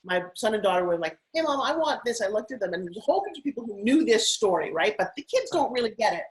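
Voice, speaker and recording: A middle-aged woman, a TV host and spokesperson, telling animated stories as an interview guest. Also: mid-range voice, poor audio. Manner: animated, rapid anecdotal telling. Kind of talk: casual interview storytelling.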